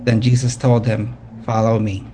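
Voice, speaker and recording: A man reading a Bible passage aloud at a steady, measured pace, with an occasional slip. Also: lowish voice, slight background noise. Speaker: scripture reader.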